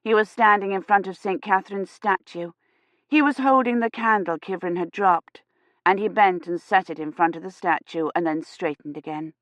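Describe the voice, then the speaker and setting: In a medium-pitched voice with no room sound, a woman reads scripted audiobook narration in a steady, measured storytelling style.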